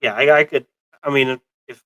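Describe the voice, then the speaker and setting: A man's voice: medium pitch, fairly even intonation, moderate pace, sharp tone, no room sound, rough recording. A man co-hosting a casual movie review chat, rambling with many fillers and restarts. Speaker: co-host of a pop culture show.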